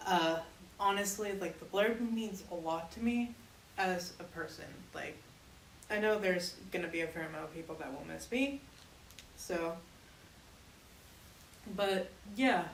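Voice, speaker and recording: A young woman and show regular talking in a casual group chat, soft and halting. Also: fairly low pitch, echoey room, slight background noise, poor audio. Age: young adult.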